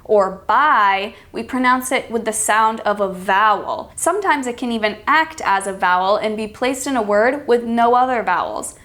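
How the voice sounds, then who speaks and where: American woman accent coach, slightly high voice, clear deliberate delivery for learners. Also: fairly bright tone. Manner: calls herself extremely sarcastic. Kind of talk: teaching lesson with read-aloud examples.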